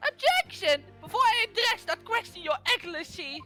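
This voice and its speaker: Man putting on a creaky high old prosecutor voice, obsequious, bright and lively, faint music. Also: brisk, full character voice. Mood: fawning. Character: smug fawning old male prosecutor. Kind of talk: fan voice acting over a game.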